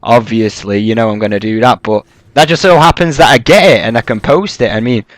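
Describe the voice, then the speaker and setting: A young man talks over his gameplay in a loose, rambling way, dropping swear words and fillers. His voice sits at an ordinary middle pitch. The sound is dry and close, with no room echo. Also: fairly quick. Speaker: gaming YouTuber. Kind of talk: casual gameplay commentary.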